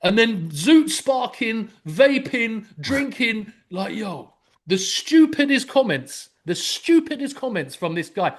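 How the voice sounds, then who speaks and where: A young man, co-hosting a podcast and telling a story in an animated, swear-heavy rant. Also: high-pitched, slow pace, slight background noise. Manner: animated, swears freely, loud anecdotal ranting. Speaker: podcast co-host. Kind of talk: casual chat, storytelling.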